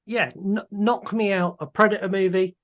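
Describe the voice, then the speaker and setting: A man's voice: high-pitched, steady tone, normal speed, a bit bright. A man hosting a film podcast, talking casually and bluntly and swearing freely. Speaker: podcast host. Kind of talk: casual chat about films.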